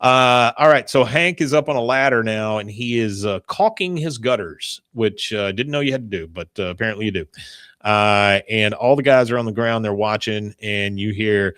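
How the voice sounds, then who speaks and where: A somewhat low-voiced man hosts a podcast, talking through an episode recap in a loose, rambling way. He pauses often on fillers as he goes. The sound is close and dry. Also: a bit bright, no room sound. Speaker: podcast host.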